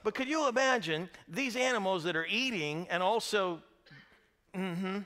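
High bright-voiced preaching man. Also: a little slow. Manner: lively storytelling with audience questions. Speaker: pastor. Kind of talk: sermon. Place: church sanctuary.

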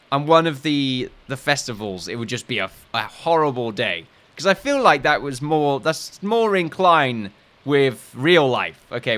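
A man's voice: medium pitch, bright, forceful tone. A man hosting a let's play, giving casual gameplay commentary with rambling, jokey asides and reading game text aloud.

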